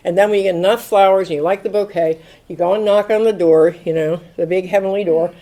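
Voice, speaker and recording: This fast, low-quality recording captures a woman in her sixties with a lowish voice, speaking as an AA speaker at a recovery talk. She's an animated storyteller who acts out quotes and laughs often.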